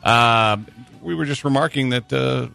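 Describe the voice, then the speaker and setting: A man hosting a sports radio show, chatting casually and telling stories with quick asides. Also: medium pitch, creaky, faint music behind. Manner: animated storyteller, quick asides.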